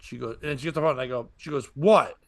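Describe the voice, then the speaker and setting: A comedian and podcast host tells stories in relaxed conversation, animatedly acting out the voices of the people he quotes. His medium-pitched voice moves at a quick pace, and the recording is dry.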